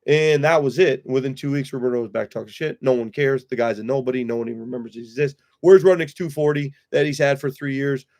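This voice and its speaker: A man's voice: mid-range voice, fairly even intonation, fast, hardly any pauses, a little mellow. A man hosting a livestream, ranting bluntly and with plenty of profanity as he airs a grudge. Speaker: livestream host. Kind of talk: heated livestream chat.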